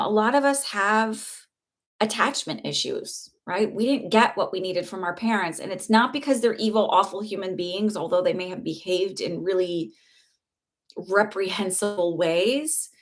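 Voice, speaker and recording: A woman's voice: mid-range voice, normal speed. A middle-aged woman talking casually on a live stream as a spiritual teacher, earnest and reassuring, rambling with fillers and restarts. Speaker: spiritual teacher and psychic reader.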